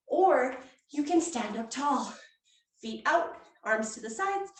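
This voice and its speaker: A woman's voice: high-pitched, animated, takes it slowly. A woman yoga instructor leading a playful, encouraging children's yoga class at an indoor fair, with cheery whoops. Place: indoor hall at a public fair. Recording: echoey room, voice from far off.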